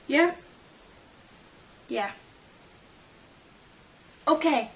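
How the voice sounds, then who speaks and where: A woman's voice: sits high, animated, extremely slow. A woman chatting casually as a fan vlogger, reading fan fiction quotes aloud and giggling about how people would react. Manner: giggly and playful.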